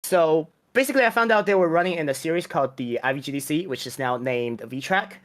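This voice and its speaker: A speaker from China rambles animatedly through a long story as a podcast guest. The pitch sits in a middle range, and the telling is casual and loose. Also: fast. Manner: rambling and animated, laughs between phrases. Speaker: team founder and owner, podcast guest.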